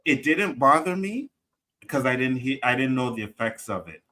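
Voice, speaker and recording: A man's voice: mid-range voice, animated, moderate pace, bright, forceful tone, low-quality recording. A man co-hosting a casual panel chat, telling a personal story and often checking in with "right?". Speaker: podcast co-host.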